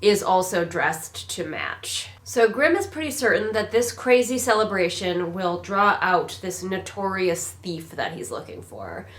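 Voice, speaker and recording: A woman's voice: mid-range voice, expressive, a little slow, hardly any pauses, fairly bright tone. A woman giving a casual, sarcastic read-along critique of a book, mocking it as she goes. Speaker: book reviewer.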